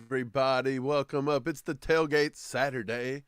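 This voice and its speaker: A man's voice: medium pitch, fairly even intonation, normal speed, clear, resonant tone, no echo. A man co-hosting a sports podcast, chatting casually and joking in laid-back banter. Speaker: podcast co-host. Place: Kentucky.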